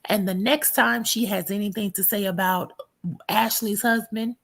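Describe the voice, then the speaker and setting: A woman hosting a reality TV recap show, blunt and sarcastic, with a quick put-down for everyone she talks about. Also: medium pitch, steady tone, vocal fry. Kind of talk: sassy reality TV recap commentary.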